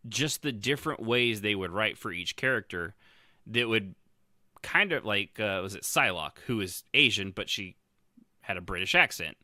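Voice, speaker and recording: A man's voice: on the low side, animated, normal speed, bright, forceful tone, no room sound, clean studio sound. A man co-hosting a podcast, chatting casually and rambling with many restarts. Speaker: podcast co-host. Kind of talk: casual chat about roleplay.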